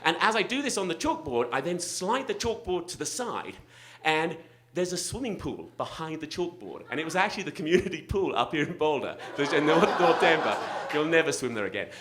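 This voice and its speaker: A man's voice: a little high, very animated, a little fast, hardly any pauses, fairly bright tone, slight background noise. A middle-aged man telling a comic personal story live at a story slam, self-mocking and laughing through his lines, on a stage microphone in a restaurant event space.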